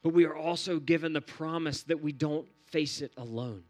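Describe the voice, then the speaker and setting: Earnest male preacher, slightly high voice. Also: normal speed, darkish tone. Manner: earnest, repetitive preaching cadence. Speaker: pastor. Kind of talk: sermon.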